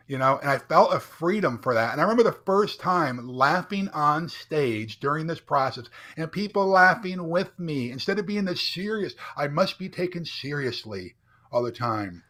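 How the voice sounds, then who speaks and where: A man's voice: mid-range voice, a bit bright. A middle-aged man, a business founder and keynote speaker, telling a candid personal story in a podcast interview, checking in often with a rhetorical "right?". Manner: earnest, builds up with rhetorical "right?".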